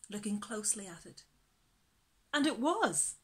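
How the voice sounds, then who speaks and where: A woman reading a children's story aloud, slow and gentle. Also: mid-range voice, sing-song, husky.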